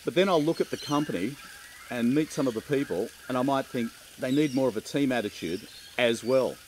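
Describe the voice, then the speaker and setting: A middle-aged man with an Australian accent, giving chatty, relaxed interview answers and laughing easily. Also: mid-range voice, fairly quick, a little hiss or hum, low-quality recording. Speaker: keynote speaker.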